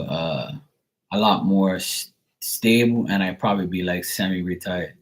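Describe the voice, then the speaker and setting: Middle aged guy chatting on his tarot stream, blunt and rambly, kinda low pitch. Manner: rambling, blunt, with frequent fillers. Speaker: tarot reader and livestream host. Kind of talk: casual live-stream chat.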